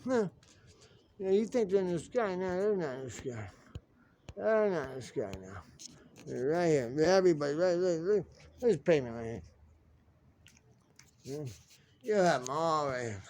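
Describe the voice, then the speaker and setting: A man vlogging outdoors on the pavement films himself one-handed with a phone camera, chatting and rambling, repeating himself and talking to the birds. His fairly high, sing-song voice moves at normal speed with frequent pauses and a darkish tone. There's a little hiss or hum.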